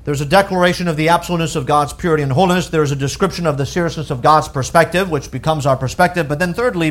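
A man's voice: a little high, fairly bright tone. A man preaching a sermon, emphatic, often rising in force as he stresses a point and reading scripture aloud. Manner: reads scripture in old-fashioned wording.

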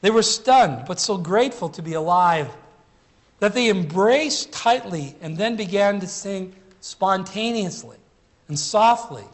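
A man delivers a sermon with a notably high-pitched voice. He preaches earnestly and emphatically, stretching out key phrases to drive them home. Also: animated, a little slow.

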